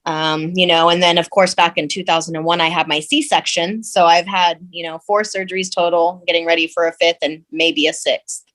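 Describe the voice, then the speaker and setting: A middle-aged woman co-hosting a podcast, chatty and quick to laugh. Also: fairly low pitch, steady tone, a bit bright. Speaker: podcast co-host. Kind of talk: casual chat.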